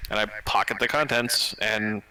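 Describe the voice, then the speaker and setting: A man's voice: lowish voice, normal speed, bright, forceful tone, low-quality recording. A man describing his character at a tabletop roleplaying game, in a rambling way with chuckling asides. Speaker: player.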